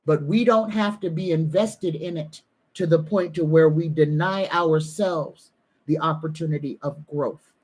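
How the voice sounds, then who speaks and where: Speaking in a low, slightly mellow voice with a breathy edge, a psychic medium and tarot reader conducts a live-stream reading. She is slow, sincere, and calming, sometimes so emotional she nearly cries.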